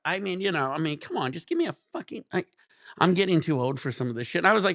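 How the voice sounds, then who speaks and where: Man, livestream host, gravelly voice, dry sound, exasperated, profane ranting. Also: a little high, big pitch swings, quick pace, a bit bright, dry recording.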